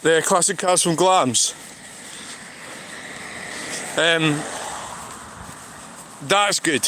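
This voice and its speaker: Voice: mid-range voice, drawn-out words, background noise. A speaker with a Scottish accent, rambling and sighing through a walking livestream outdoors beside a road. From Scotland. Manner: rambling, sighing, restarts thoughts. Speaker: vlogger.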